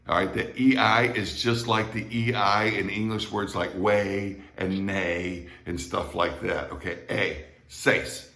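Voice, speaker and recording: A male Spanish teacher with an American accent patiently repeats words and checks in with his students in a recorded classroom lesson. His voice is fairly low, bright and forceful, with vocal fry, and the room sounds echoey.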